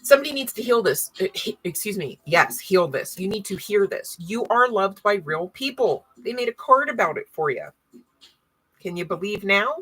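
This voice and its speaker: A woman's voice: mid-range voice, lively intonation, moderate pace, fairly bright tone, breathy edge. A woman giving a casual tarot reading to an online audience, talking emphatically and asking many rhetorical questions. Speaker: tarot card reader.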